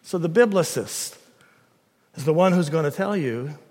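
A man preaches with a high, lively voice that swings widely in pitch, hammering his points home and throwing rhetorical questions at the listeners. His voice rings through a hall with a long reverb. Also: normal speed, long pauses. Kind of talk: sermon.

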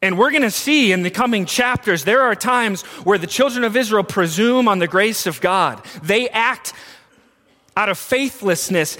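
A man's voice: high-pitched, lively intonation, normal speed, sharp tone, long reverb tail. A man preaching a sermon as pastor, emphatic and asking his listeners questions. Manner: emphatic, asks the congregation questions.

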